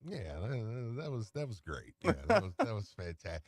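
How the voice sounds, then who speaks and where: A man co-hosting sports radio, excitable, stammering and restarting as he talks into a studio microphone. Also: medium pitch, normal speed, no room sound. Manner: animated, stammers and restarts, laughs easily. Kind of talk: casual sports radio talk.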